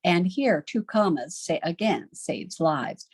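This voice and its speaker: Middle-aged lady teacher giving a homeschool lesson, low-ish husky voice that swings up and down a lot, asks the class stuff, dry close sound. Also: slow, hardly any pauses, no room sound. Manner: lively, asking the class questions, chatty. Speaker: literature teacher.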